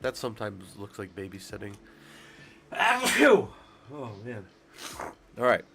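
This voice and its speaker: A man's voice: fairly low pitch, wildly swooping pitch, slow pace, creaky, fairly bright tone. A man streaming casually, congested from being sick, rambling and swearing as he talks to his chat. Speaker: streamer talking through job requirements.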